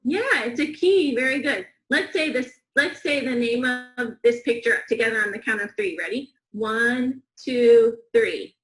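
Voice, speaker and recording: A woman teaching young students a phonics lesson, slow, clear and encouraging, with call-and-response counting. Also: fairly high pitch, fairly bright tone, roomy sound, poor audio.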